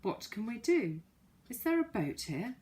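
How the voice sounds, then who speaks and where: A woman's voice: fairly high pitch, big pitch swings, measured pace, darkish tone, voice pushed up. A woman voicing a sensible, eager boy in a storybook reading, speaking earnestly in a lightly raised voice.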